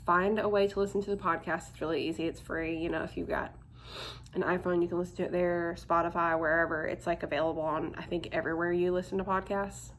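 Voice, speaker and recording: A woman's voice: lowish voice, little pitch movement, quick pace, slight background noise. A young woman vlogging to camera in casual chat, candid and chatty, full of "like" fillers.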